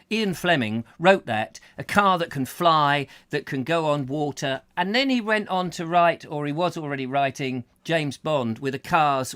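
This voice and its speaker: A man's voice: a little high, fairly bright tone. A man hosting a casual show, rambling and reading out comments, often breaking into silly songs and voices. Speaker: host.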